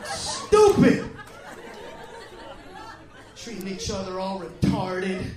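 A man doing a loud, crude stand-up routine, confronting the audience. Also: high-pitched, big pitch swings, drawn-out words. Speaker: stand-up comedian. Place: comedy club stage. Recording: echoey club from a distant mic, crowd laughter. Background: audience laughing.

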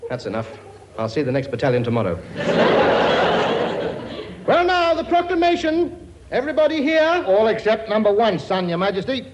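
A blustering jovial king: high, bouncy delivery, live audience noise. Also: sing-song, muffled recording. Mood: bossy, jovial. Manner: brisk, blustering and jokey. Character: bossy jovial male king, father of dozens. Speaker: comic lead in a sketch. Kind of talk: stage comedy sketch. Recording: audience laughter behind voice.

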